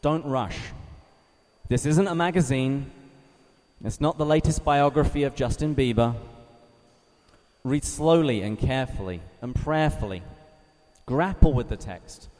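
A man from England, giving a measured teaching talk to a live group, reading scripture slowly and asking his listeners questions. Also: medium pitch, darkish tone. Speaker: Bible study speaker. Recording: reverberant hall.

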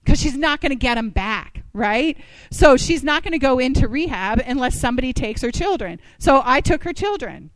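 Woman telling her church testimony, chatty and animated, smooth clear voice, dry sound. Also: sits high, normal speed, dry recording, poor audio. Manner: animated storyteller with rhetorical questions and asides. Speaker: church community speaker. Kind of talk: personal testimony talk.

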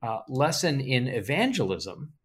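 A man hosting a casual book discussion, summarizing chapters and reading quotes with lively emphasis. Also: medium pitch, unhurried, husky. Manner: relaxed, chuckling, reads quotes with animated emphasis.

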